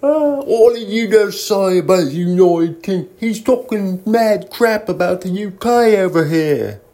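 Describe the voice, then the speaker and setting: A man voicing a mock-offended British man, loud and strained in a high put-on voice. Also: expressive, measured pace. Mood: indignant.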